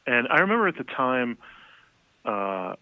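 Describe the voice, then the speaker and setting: A man telling stories about interviews over a thin, phone-like line, rambling and animated with plenty of fillers. His pitch sits mid-range, and the sound is dry, with no room around it. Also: unhurried, no room sound. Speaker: guest, music writer. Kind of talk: casual phone conversation.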